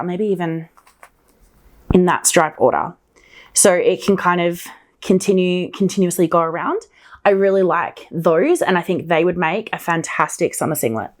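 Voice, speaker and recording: Aussie woman chatting about yarn, super excitable and gushy, casual show and tell. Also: fairly low pitch. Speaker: knitting podcast host.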